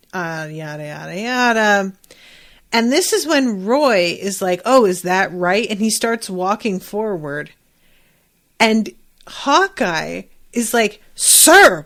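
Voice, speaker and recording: A woman podcast host recapping an anime episode in casual chat, acting out lines and swearing freely. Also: mid-range voice. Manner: animated retelling with acted-out quotes, swearing.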